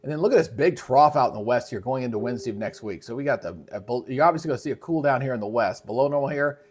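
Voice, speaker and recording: A male meteorologist hosting a live weather briefing in a casual, conversational way, with a frog in his throat that keeps him clearing it. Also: mid-range voice, racing, a little hiss or hum. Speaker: meteorologist host.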